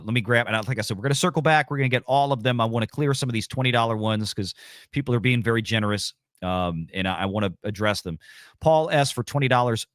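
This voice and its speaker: A man hosting a livestream, talking in a somber, halting way with many pauses. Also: mid-range voice, a bit bright, dry recording, clean studio sound. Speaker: livestream host. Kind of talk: casual livestream commentary.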